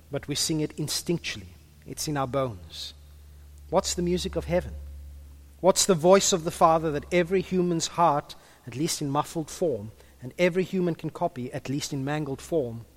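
A man's voice: on the high side, moderate pace. A man preaching a sermon in a conversational way, with humorous asides and a few stumbles.

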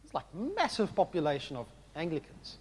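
A man preaching a sermon, with an impassioned delivery that swings from quiet reflection to loud exclamation. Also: a little high, wildly swooping pitch, a little fast, breathy edge. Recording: long hall reverb.

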